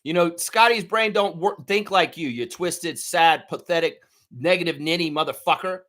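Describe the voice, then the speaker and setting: A man's voice: on the high side, moderate pace, fairly bright tone. A man hosting a live fan preview show, talking in a heated, profane ranting way. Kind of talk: live sports preview chat.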